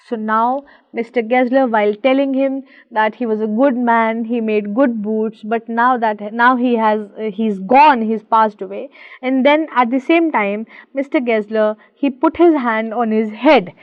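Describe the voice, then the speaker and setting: Woman, teacher, reading then paraphrasing a story, higher voice, dry dull recording. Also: no room sound. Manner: reads a line aloud then paraphrases it, with fillers.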